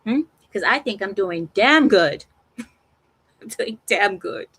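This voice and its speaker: A woman hosting a live stream, chatting casually with her viewers in a teasing, animated way and laughing often. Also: mid-range voice, takes it slowly, husky. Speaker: livestream host.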